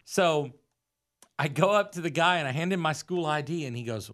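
A man's voice: on the high side, normal speed. A man in his forties from the United States, telling a story in casual chat and acting out the voices in it. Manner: animated storyteller who acts out quoted voices.

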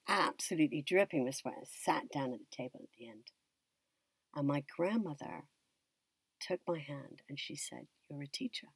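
A woman from the United States tells a personal story in an interview, reflective and unhurried, often trailing off and restarting. Her voice sits low and sounds husky. The recording is dry and close. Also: a little mellow, dry recording. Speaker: actress and drama teacher being interviewed.

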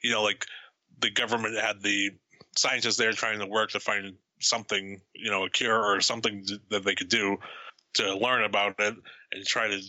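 A man's voice: lowish voice, level tone, normal speed, sharp tone, no room sound, low-quality recording. A man in a casual film discussion who rambles, swears a lot and acts out lines from the movie.

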